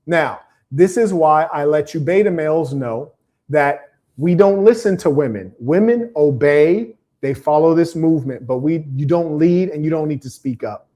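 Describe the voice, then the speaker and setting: A man's voice: fairly high pitch, normal speed, warm tone. Combative man preaching on a livestream. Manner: preachy, combative, emphatic repetition. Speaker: live stream host. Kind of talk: livestream monologue reading viewer comments.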